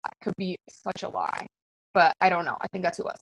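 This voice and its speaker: A woman's voice: lowish voice, steady tone, fast talker, creaky, a little hiss or hum, low-quality recording. A woman coaching fellow fitness coaches in a casual, very conversational way, full of fillers. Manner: very conversational, chatty with many fillers.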